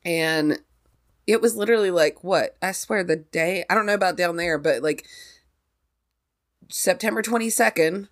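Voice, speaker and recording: A woman co-hosting a podcast in casual chat, talkative and quick to laugh. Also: on the low side. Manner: chatty, laughs often. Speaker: podcast co-host.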